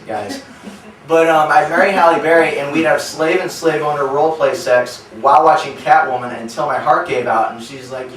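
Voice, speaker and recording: A young man in his early twenties does a stand-up set in a small comedy theater, telling rambling, offhand stories. His voice is fairly high and a bit bright, at normal speed, recorded from a distance with roomy live club sound and a little hiss or hum.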